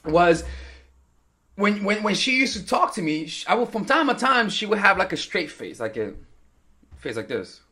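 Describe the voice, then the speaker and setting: A man's voice: sits high, sing-song, normal speed, bright, forceful tone. A young man coaching women on dating in a casual, rambling, joking way, acting out quotes. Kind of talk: casual talking-head advice video.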